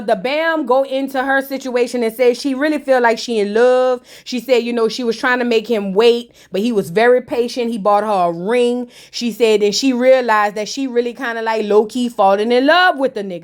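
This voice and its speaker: A woman's voice: fairly high pitch, moderate pace, few pauses. A woman talking through a reality show recap in a casual, sassy way. Her talk is slangy and full of chatty asides aimed straight at her viewers.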